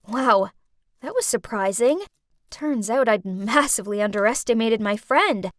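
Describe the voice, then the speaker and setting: A woman tells a first-person storytime in a chatty, dramatic teenage voice, animated but unhurried. Her pitch is high and moves through a wide range. The recording is close-miked and fully dry, with no room sound.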